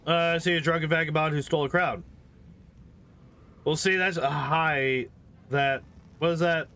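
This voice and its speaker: Sarcastic guy joking through a playthrough, slightly high voice. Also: steady tone, normal speed, bright, forceful tone. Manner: joking, sarcastic, swears casually. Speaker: gameplay host. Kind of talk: casual gameplay commentary.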